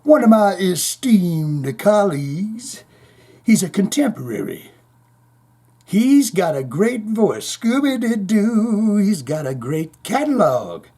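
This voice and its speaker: A man putting on the voice of a flamboyant aging rock frontman, drawling slowly and dropping scat-like nonsense words. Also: sits high, big pitch swings, mellow, slightly rough, voice pushed up, full character voice. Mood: boastful.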